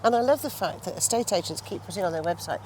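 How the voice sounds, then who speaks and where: Speaking quickly in a lowish, animated voice, an estate agent trainer shares her opinions as an interview guest outdoors by a towpath, traffic passing by. She makes her points emphatically and performs quoted exchanges with a pointed tone, while street noise is plainly audible.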